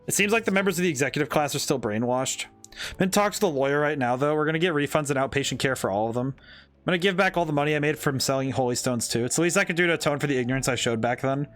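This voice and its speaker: Earnest young female fortune teller, read by a man in his own voice, calm and sincere, slightly high-pitched. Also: racing, faint music behind, close to an everyday voice.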